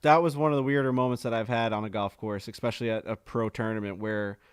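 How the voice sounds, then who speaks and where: A man's voice: fairly low pitch, steady tone, quick pace, smooth, dry recording, clean studio sound. A man co-hosting a podcast, telling stories in a rambling, profane, casual way. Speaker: podcast co-host. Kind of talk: casual chat.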